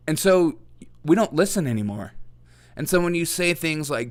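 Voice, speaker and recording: A man's voice: on the high side, sing-song, moderate pace. A man hosting his own show, giving sarcastic political commentary, laughing often and mocking his opponents. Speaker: host.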